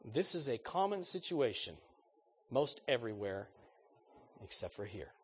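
A man preaching a sermon with a husky, slightly breathy voice at a middle pitch. He talks earnestly and conversationally, turning to the congregation with direct questions. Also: sing-song, a little slow.

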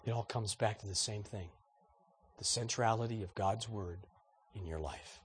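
A man preaching a sermon to a congregation, animated and asking rhetorical questions. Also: lowish voice, normal speed, a little hiss or hum. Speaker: pastor.

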